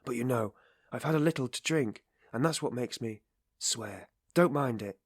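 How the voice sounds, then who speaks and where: A man voicing a loud, tipsy and loyal young friend who blusters in a raised voice. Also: medium pitch, moderate pace, breathy edge, no room sound, studio quality, pitched above the performer's own voice, natural voice. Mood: blustering tipsy.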